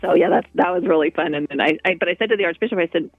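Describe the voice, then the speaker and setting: A woman's voice: lowish voice, very fast, dry recording, soft background music. A woman guest in a radio interview, talking in a rambling way with many restarts. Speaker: guest, walk co-founder. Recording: dull lo-fi radio audio.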